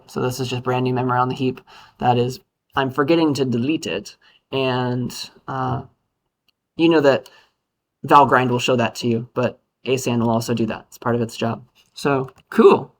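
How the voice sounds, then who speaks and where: A male university lecturer giving a casual, upbeat classroom lecture with playful asides. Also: mid-range voice.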